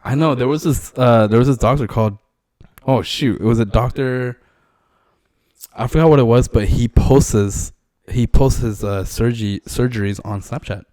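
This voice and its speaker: A man's voice: medium pitch, moderate pace, a little mellow, no room sound. A young man co-hosting a podcast, telling stories in a loose, rambling way with lots of fillers. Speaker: podcast co-host. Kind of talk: casual chat.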